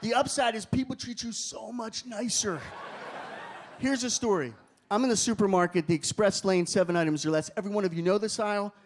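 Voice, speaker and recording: Stand-up comic, male, higher voice, animated delivery, live club mic with an audible noisy room. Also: fairly quick. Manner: animated, punches lines up with shouts. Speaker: stand-up comedian. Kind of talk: stand-up comedy set. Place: comedy club stage with live audience. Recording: club crowd laughter and room noise.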